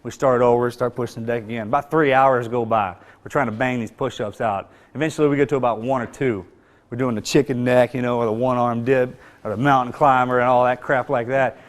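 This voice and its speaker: Fast, intense male motivational speaker. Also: mid-range voice, fairly even intonation. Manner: intense, emphatic, street-casual phrasing. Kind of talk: storytelling speech.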